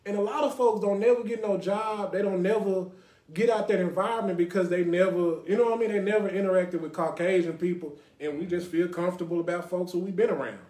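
A young adult man from Dallas, Texas, hosts a loose, casual podcast, rambling from thought to thought and checking in with "you know what I mean". His voice sits a little high for a man, and the room gives it a noticeable echo. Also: fairly even intonation, quick pace, a little mellow. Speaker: podcast host. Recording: roomy echo.

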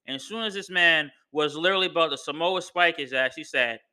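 A man hosts his podcast with a loose, excitable recap of a wrestling match. He swears constantly and leans hard on casual slang. His voice sits high and rings very bright and cutting. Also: brisk, clear, resonant tone. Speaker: podcast host.

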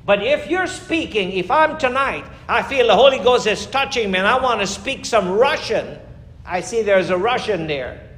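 A man preaching a fervent sermon as pastor, emphatic, with sudden rises and slowed, stressed lines. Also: sits high, expressive, a bit bright. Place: church. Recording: echoey church room.

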